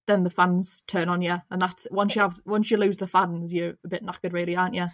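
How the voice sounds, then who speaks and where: A woman's voice: fairly low pitch, flat delivery, a little fast, dry recording. A woman co-hosting a podcast, chatty and agreeable, often giggling along. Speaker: podcast co-host. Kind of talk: casual chat.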